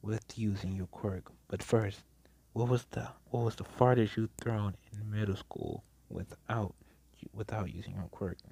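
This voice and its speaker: A man's voice: lowish voice, steady tone, unhurried, gravelly, warm tone, breathy edge, heavily acted. A man voicing a stern, sleepy, blunt adult male teacher in a casually told fan story, speaking curtly and dismissively. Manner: curt and dismissive.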